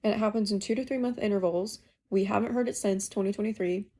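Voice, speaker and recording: A young woman casually telling a ghost story she lived through, in a chatty, animated way. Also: medium pitch, fast talker. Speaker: caller sharing a ghost story.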